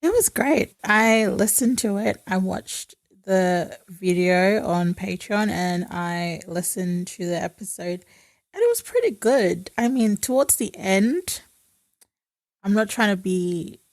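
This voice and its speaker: A young Australian woman chatting on a podcast in a sarcastic, giggly way. Her mid-pitched voice has a lot of fry and a gravelly edge. The recording is close and dry. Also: lively intonation, slow pace, dry recording. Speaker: podcast guest. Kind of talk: casual chat.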